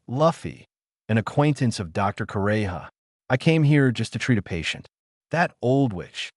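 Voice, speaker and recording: A man narrating an audiobook in a steady storytelling read. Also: lowish voice, no echo, studio quality. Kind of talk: scripted narration.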